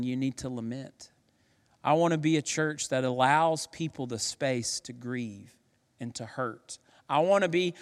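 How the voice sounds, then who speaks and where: A man preaching a sermon as a pastor in a church sanctuary, emphatic, building from hushed passages to excited, punchy delivery. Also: mid-range voice, smooth. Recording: long hall reverb.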